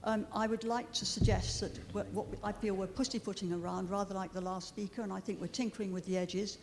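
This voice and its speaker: A woman's voice: mid-range voice, fairly even intonation, fairly quick, a little mellow, long reverb tail, a little hiss or hum. A middle-aged woman campaigner addressing a committee, earnest and hesitant with frequent ums. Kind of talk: public statement. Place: large meeting chamber.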